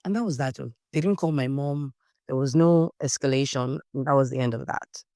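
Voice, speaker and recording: A young woman with a Nigerian accent, a podcast guest telling lively personal stories in casual conversation and acting out the voices in them. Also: very deep voice, moderate pace, no room sound, clean studio sound. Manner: animated storyteller, acts out quotes, Nigerian slang. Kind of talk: storytelling in casual interview.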